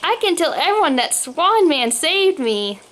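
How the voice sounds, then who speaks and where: Woman doing a giggly little girl, excited, high and bright, storybook voice. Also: unhurried, heavily acted.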